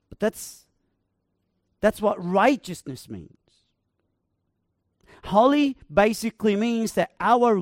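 A male preacher delivers a sermon in a high, unhurried voice. He builds to emphatic proclamations and lingers on repeated words. The sound is dry and close. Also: no room sound. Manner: emphatic, rising to proclaim with slow repeated phrases.

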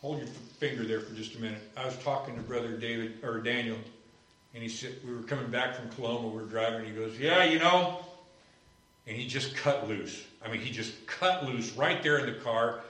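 A man preaching a sermon, telling stories and moving between hushed moments and loud exclamations. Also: medium pitch, brisk. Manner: storytelling, swings from hushed to exclaiming. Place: church sanctuary. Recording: echoey church from a distance.

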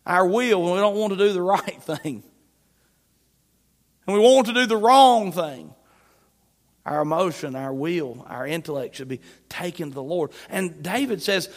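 High-voiced preacher in a reverberant hall. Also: male voice, moderate pace. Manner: emphatic, swings between loud and soft. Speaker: pastor. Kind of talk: sermon.

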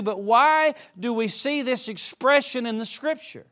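Male preacher, middle-aged, high-pitched, emphatic, direct appeals to the congregation. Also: unhurried. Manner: emphatic, repeatedly urging listeners with direct appeals; swings between soft asides and loud, climbing emphasis. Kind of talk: sermon to a youth congregation.

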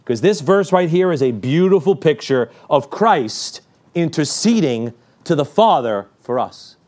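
A man preaches a midweek sermon. His voice sits a little high and swings widely in pitch as he leans hard on scripture verses and slips in jokes. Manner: lively, joking asides, quoting scripture emphatically.

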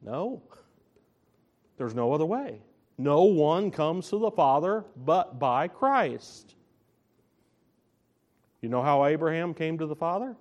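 A man preaching a sermon, slow and emphatic, stressing and repeating his key phrases. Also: a little high, big pitch swings, darkish tone, highs cut off.

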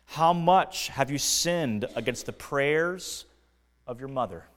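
A man preaching a sermon as pastor, earnest and deliberate, dropping to quiet lines and rising to emphatic ones. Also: medium pitch, animated, long reverb tail. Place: church sanctuary.

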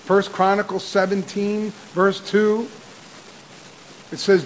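Man preaching, high-pitched voice, quick verse citations, rising to shouts, faint hiss. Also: rough recording. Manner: cites verses rapidly, builds to shouted repetition. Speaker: pastor. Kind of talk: sermon. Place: church.

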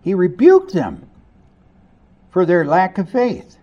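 Pastor, male, higher-pitched voice, unhurried delivery, animated sermon full of rhetorical questions. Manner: animated preaching, swinging between hushed and emphatic.

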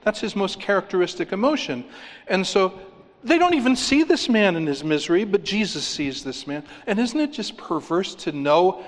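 A man preaching with emphasis, his fairly high voice climbing on key points and falling quiet to drive others home. The sound carries a long reverb, as in a large hall. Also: expressive, normal speed. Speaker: pastor. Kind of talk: sermon.

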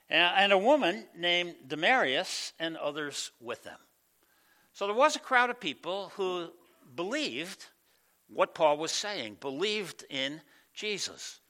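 A man's voice: sits high, sharp tone. A male pastor giving a conversational sermon, with many fillers and acted-out quoted voices. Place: church.

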